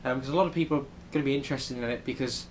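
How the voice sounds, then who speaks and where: In a New York City hotel room, a young British man films a travel vlog, talking at a racing pace in a mid-range voice. He chats and rambles casually with lots of ums, and slight background noise is audible.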